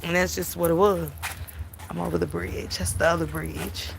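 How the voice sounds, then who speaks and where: A middle-aged woman hosting a livestream, telling stories in an animated, emphatic way, with plenty of swearing, while she walks outdoors and talks into her phone. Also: on the low side, moderate pace, creaky, background noise. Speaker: livestream host. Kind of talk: casual storytelling chat. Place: outdoors, walking through town.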